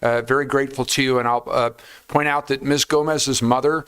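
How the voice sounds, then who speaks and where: Male supervisor at a public meeting, clear resonant voice, measured and procedural. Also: mid-range voice, fairly even intonation, fairly bright tone. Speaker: county supervisor. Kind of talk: formal remarks at a public meeting.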